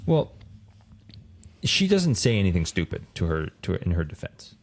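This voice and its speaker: A man co-hosting a racing podcast in casual chat, rambling and animated, full of fillers. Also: sits low, moderate pace, creaky, a little hiss or hum. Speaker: podcast co-host.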